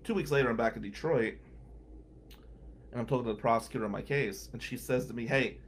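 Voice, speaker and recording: A man's voice: medium pitch, quick pace, slight background noise. A man telling courthouse stories as a regular on a radio talk show, acting out the people he quotes. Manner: animated anecdotal storyteller, acts out quotes.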